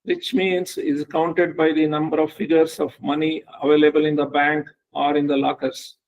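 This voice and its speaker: A man teaching a spiritual class online, telling stories in a halting way with many fillers and restarts. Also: fairly high pitch, level tone, low-quality recording. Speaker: Vedanta teacher. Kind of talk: online spiritual lecture with storytelling.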